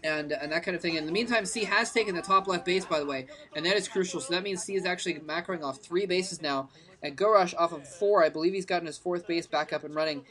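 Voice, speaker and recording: An esports commentator giving play-by-play commentary, hesitant with many ums and restarts, breaking into bursts of excitement at big plays. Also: medium pitch, quick pace.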